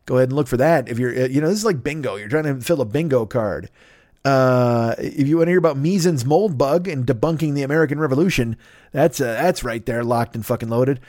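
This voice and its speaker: A man's voice: medium pitch, a little fast, darkish tone, dry recording, clean studio sound. Profane, rambling podcast host, a man. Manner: profane, jokey, riffing off on tangents. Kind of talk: casual, rambling promo chat.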